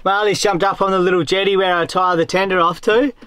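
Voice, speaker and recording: A young man and sailing vlogger telling a story in a casual, animated way, leaning on "like" a lot. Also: high voice, brisk, clean tone, no echo. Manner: animated, chatty, heavy use of "like".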